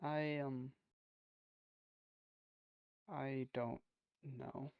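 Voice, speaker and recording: Soft-spoken, hesitant role-play player, man; slow, flat delivery. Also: medium pitch, gravelly, clean tone, dry recording, lo-fi sound. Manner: quiet, subdued and hesitant. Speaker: fellow player. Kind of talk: in-game role-play chat.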